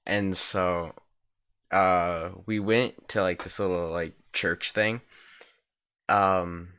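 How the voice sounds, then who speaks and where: A teenage boy rambling through a casual storytime vlog, swearing freely and filling every pause with "like". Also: sits low, steady tone, fairly bright tone, clean tone.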